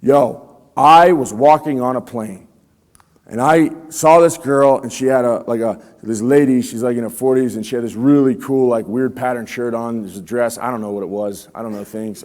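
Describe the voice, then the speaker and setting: In a school room full of students, a male motivational speaker talks at normal speed with a steady, mid-range, somewhat dark voice. His style is casual and slangy, and he often quizzes the audience, with a long hall reverb on the recording.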